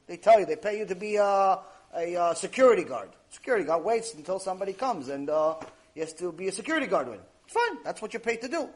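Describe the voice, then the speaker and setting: A man delivers a lecture with a fairly high voice that moves a lot. He tells stories and drives his points home by repeating key phrases. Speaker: Torah teacher. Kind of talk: lecture storytelling.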